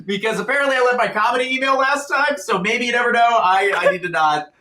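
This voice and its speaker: A young man, a comedian co-hosting a podcast, chatting casually and telling stories in an animated, laughing way. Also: very high voice, fast. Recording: echoey room.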